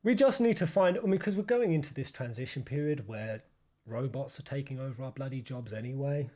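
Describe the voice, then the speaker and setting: A man's voice: mid-range voice, lively intonation, brisk, dark tone. A young man hosting a live stream, ranting in casual chat and swearing freely. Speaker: stream host.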